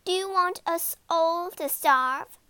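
A woman's voice: sits high, very animated, measured pace, fairly bright tone, dry recording, full character voice. A woman voicing a harsh, bossy stepmother in a read-aloud storybook, snapping her lines.

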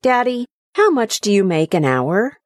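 A woman's voice: sing-song, a little slow, no room sound, studio quality. A woman voicing a small five-year-old boy who pleads with his father. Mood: curious. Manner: high, eager, pleading.

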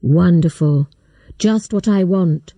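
A smug, menacing older man, as a woman reader puts him on, talking slowly and deliberately. His voice sits lower than the storyteller's own and stays dark and mellow. The recording is close and dry. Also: no echo. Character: menacing older man who forces a marriage.

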